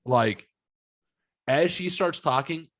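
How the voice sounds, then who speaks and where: A man's voice: a little high, slow pace. A man hosting a podcast, telling rambling stories with lots of swearing. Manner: profane, rambling storyteller. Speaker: podcast host. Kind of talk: casual chat.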